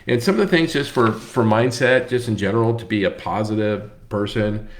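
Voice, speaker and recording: Male host, low-pitched, casual book-club chat, conversational. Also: moderate pace. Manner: conversational, frequent fillers and restarts.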